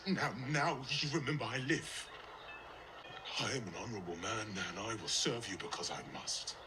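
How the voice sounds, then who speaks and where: A man's voice: medium pitch, animated, moderate pace, natural voice. An actor playing a resentful young man who grew up fatherless, speaking in clipped, proud lines. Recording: noisy film clip.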